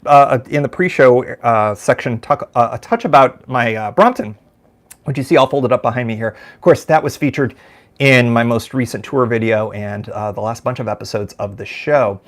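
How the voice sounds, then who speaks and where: A middle-aged American man hosts a live show from a room at home. He rambles through casual chat, full of fillers, restarts and self-deprecating asides. His voice sits in an ordinary middle pitch. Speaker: podcast host.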